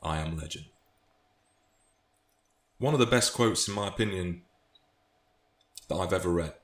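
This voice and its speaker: A man's voice: sits low, moderate pace, fairly bright tone. A British man chatting about favourite book quotes in a thoughtful, casual way, often restarting phrases. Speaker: book vlogger. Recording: echoey room, faint noise.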